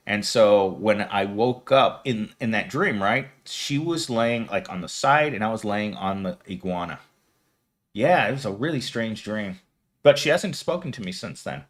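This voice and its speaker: A man's voice: lowish voice, lively intonation, normal speed, fairly bright tone. A man in his thirties hosting a casual live stream at home, rambling and giggling as he answers viewer comments. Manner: rambling and giggly, talking to chat. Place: at home, streaming without camera.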